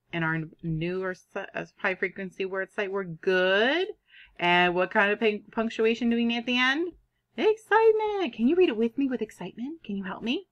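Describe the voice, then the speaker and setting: A woman teaching a kindergarten reading lesson, sounding out words in an animated, drawn-out way. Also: medium pitch. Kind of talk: online phonics lesson for young children.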